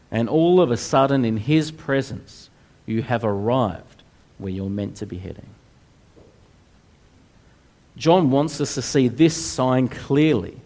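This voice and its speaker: Slow, earnest male preacher, mid-pitched, unhurried delivery. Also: darkish tone. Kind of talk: sermon.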